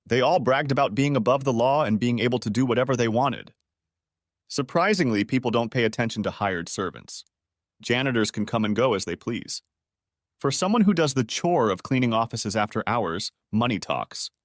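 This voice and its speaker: A man narrating a first-person story in a calm, matter-of-fact way. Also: mid-range voice, moderate pace, no echo, clean studio sound.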